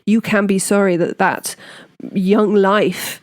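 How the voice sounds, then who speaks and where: A woman's voice: mid-range voice, steady tone, slow. A woman hosting a true crime podcast, recapping a case in a casual, indignant, opinionated way.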